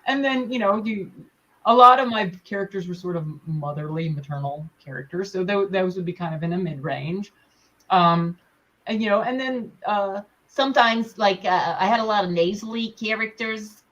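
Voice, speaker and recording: A woman in her forties, a puppeteer guest in a casual interview, talking in an animated, chatty way, laughing often and restarting her sentences. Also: medium pitch, normal speed. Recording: dull lo-fi sound.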